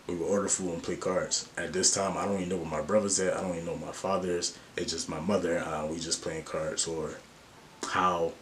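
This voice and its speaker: A man's voice: low voice, a little hiss or hum. A man vlogging life advice in a slangy, earnest and open way. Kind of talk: casual to-camera talk.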